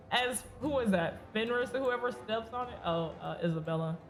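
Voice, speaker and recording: A woman's voice: medium pitch, moderate pace. A woman streamer giving chatty, giggly commentary while playing a video game and talking back to its characters. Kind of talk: casual gameplay commentary. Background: faint game music.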